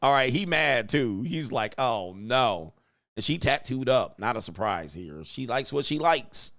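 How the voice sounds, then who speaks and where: A man in the host's seat, talking over clips in loose, crude slang at an everyday mid pitch. He mocks what he watches and breaks into laughs between remarks. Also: lively intonation, normal speed, fairly bright tone. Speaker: host. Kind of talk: reaction commentary.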